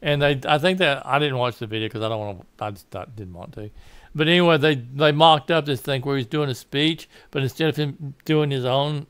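A man's voice: mid-range voice, a little fast, a bit bright, clean tone, dry recording. A man with a Southern American accent giving a rambling political opinion monologue, often correcting himself and laughing at his own asides. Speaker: political commentator.

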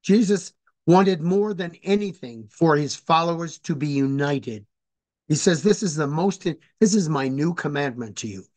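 Male lecturer, slightly high voice, unhurried and halting, explains carefully and spells words out. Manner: hesitant and deliberate, many fillers and restarts. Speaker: speaker on religious history. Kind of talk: informal lecture.

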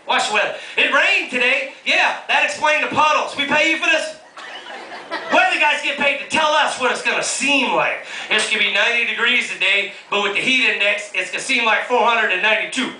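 A man doing stand-up comedy, loudly teasing the crowd with mocking banter before a live audience. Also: very high voice, slight background noise. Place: cruise ship lounge before a live audience. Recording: echoey lounge taped from far off. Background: audience laughter.

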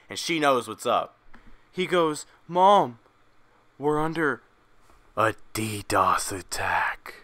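A man's voice: medium pitch, bright, forceful tone, clean tone. Profane young man telling a comic story. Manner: crude, profane, mocking narration. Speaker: YouTube comedy vlogger. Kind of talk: comedic storytelling vlog.

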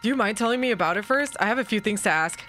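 Brief: woman voicing a polite young male investigator, bright, measured questions, game reading. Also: mid-range voice, animated, slight background noise, natural voice. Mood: calm.

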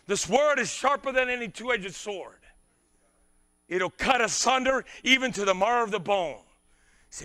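A male pastor preaching with fervor, swinging from shouted lines to hushed, quiet passages. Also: high-pitched, expressive, unhurried, long pauses. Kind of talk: sermon.

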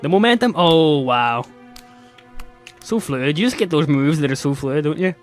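A Northern Irish man with a fairly high voice co-hosts a let's play. He narrates his partner's moves like a mock sports commentator. He keeps a teasing, playful edge. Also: animated, normal speed, faint music behind. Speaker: co-host gamer.

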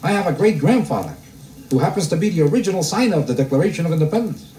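A male stand-up comedian working a live crowd in a roomy club, heard a little off the mic. His pitch swings a lot as he kvetches in deadpan style and fires rhetorical questions at the audience. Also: rapid-fire, recorded from a distance. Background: audience laughter.

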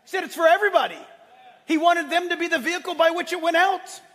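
High-voiced male pastor in a reverberant hall. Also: fast talker. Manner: emphatic, with sudden swings between loud declarations and quiet asides. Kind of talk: sermon.

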